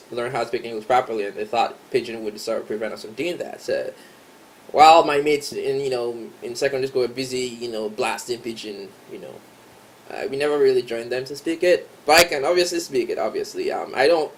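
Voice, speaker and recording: A young Nigerian man with a Nigerian accent, chatting casually in a vlog, relaxed and rambling with lots of ums. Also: medium pitch, a little hiss or hum. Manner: relaxed and rambling, many ums and you-knows. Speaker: vlogger. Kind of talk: casual tag video chat.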